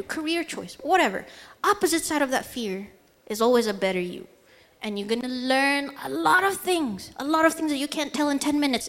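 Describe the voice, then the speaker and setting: Animated woman telling a story on stage. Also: high voice. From Brunei. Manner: animated storytelling, acts out dialogue. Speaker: invited speaker. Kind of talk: motivational talk to youth. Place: event stage before an audience.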